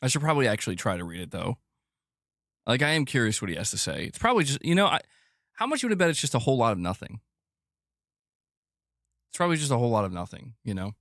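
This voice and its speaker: A man's voice: medium pitch, very animated, fast talker, long pauses, fairly bright tone, no echo, clean studio sound. A man hosting a casual gaming news show, joking and self-mocking as he reads. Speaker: host of a gaming news channel.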